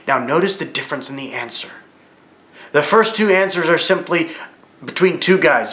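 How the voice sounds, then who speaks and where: Give me a bright-voiced man teaching a storytelling Bible lesson, echoing in the room. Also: fairly high pitch, moderate pace. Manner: vivid retelling, rising excitedly at key moments. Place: church room. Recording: echoey room.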